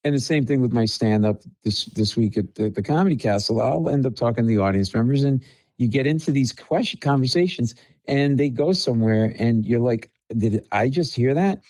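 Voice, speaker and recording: A comedian appearing as a podcast guest tells animated stories and plays out the conversations in them. His mid-range voice moves fairly quickly over a dry recording with poor audio.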